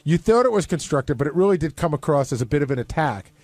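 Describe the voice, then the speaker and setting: Fast, needling high-voiced man. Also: lively intonation, darkish tone, dry recording. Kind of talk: casual studio banter.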